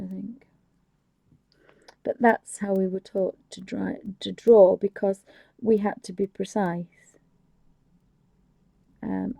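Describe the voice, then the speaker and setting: A craft channel host leads a live painting tutorial from her home desk, chatting casually and often dropping to a whisper. She wanders into rambling, apologetic asides. Her medium-pitched voice is creaky, mellow and slightly breathy, with no echo.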